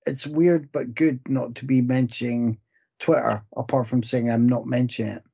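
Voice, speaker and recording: Gravelly husky guy joking around on a podcast, kinda muffled audio. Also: medium pitch, fairly even intonation, normal speed, warm tone. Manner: joking, self-mocking, sweary. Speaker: podcast co-host. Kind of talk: casual podcast chat.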